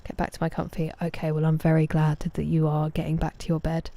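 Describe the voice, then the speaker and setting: A woman chatting casually with live viewers while gaming, greeting them by name and dropping soft asides. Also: sits low, monotone, brisk, creaky. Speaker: streamer.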